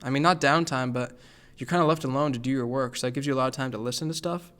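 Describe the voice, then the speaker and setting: A man's voice: mid-range voice, steady tone, fast, a bit bright, clear, resonant tone. Young dude rambling on his podcast, laid back and self-deprecating, says super a lot. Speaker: podcast host. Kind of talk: casual solo chat. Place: New York area.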